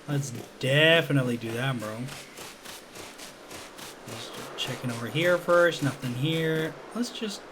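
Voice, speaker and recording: A man's voice: on the high side, noisy background. A young man casually commentating a game on his stream, joking and slangy. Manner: joking, slangy, laid-back.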